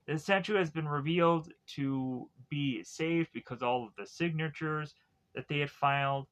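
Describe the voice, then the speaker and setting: A man's voice: fairly high pitch, normal speed, a bit bright. A man reviewing a TV series in a rambling casual way, looping back through fillers and restarts. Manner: meandering, heavy use of fillers and restarts. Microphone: tablet recording.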